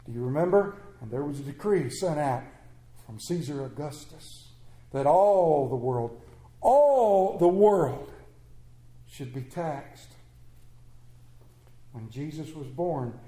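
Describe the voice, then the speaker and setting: A man preaching a sermon to a congregation, swinging between loud emphatic phrases and hushed low lines, repeating phrases to build his point. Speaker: pastor. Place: church sanctuary with congregation. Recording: echoey church room.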